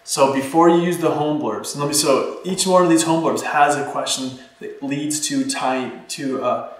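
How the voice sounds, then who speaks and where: A man's voice: fairly high pitch, moderate pace. A man coaching real estate agents, talking energetically and acting out little client dialogues as he teaches. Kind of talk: instructional talk with role-play examples. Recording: echoey room, distant mic.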